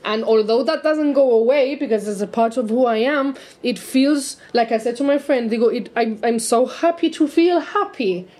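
A woman's voice: a little high, moderate pace, hardly any pauses, warm tone. A woman in her forties with a Gibraltarian accent, co-hosting a casual chat, blunt and sarcastic, switching between English and Spanish mid-sentence. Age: 40s. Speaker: co-host.

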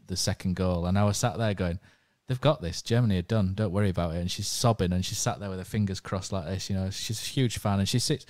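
Low-voiced male podcast host. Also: no echo, studio quality. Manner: chatty, rambling storyteller. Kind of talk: casual podcast chat.

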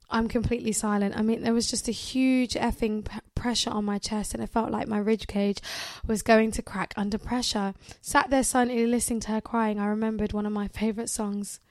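Woman podcast co-host, story reading, higher voice, dry close sound, animated, laughing. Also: a little fast, few pauses, no room sound. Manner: animated, laughs often, swears. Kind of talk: reading a story aloud with commentary.

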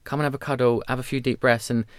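A man's voice: mid-range voice, no room sound, studio quality. A man in his thirties, chatting candidly as a podcast guest and acting out little voices as he tells stories. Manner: animated storyteller, quick, acts out voices. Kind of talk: candid conversational chat.

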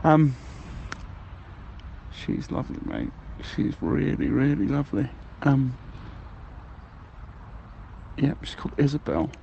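A man's voice: mid-range voice, sing-song, slow, gravelly, long pauses, warm tone, highs cut off, slight background noise. A man leaving rambling, cheerful voicemails as a balloon ride passenger, with many hesitations. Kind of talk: comic voicemail monologue.

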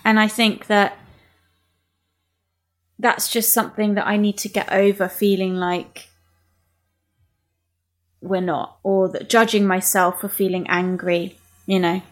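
A woman's voice: mid-range voice, level tone, takes it slowly, pauses often. A woman, talking candidly in casual podcast chat and swearing freely.

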